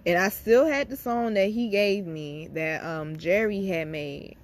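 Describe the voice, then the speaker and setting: A young woman tells a personal story straight to her viewers, frank and unfiltered, with plenty of swearing. Her voice sits in a medium pitch for a woman. She speaks as the host of her own channel. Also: unhurried. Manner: blunt, profane, speaks directly to listeners as y'all. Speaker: spiritual reader and channel host. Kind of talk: candid personal storytelling to camera.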